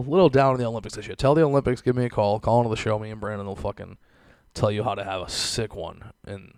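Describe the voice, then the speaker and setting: Profane, ranting young man with a gravelly voice. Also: medium pitch, a little mellow, no echo. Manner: profane, rambling, laughs often. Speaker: podcast host. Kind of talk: casual ranting chat.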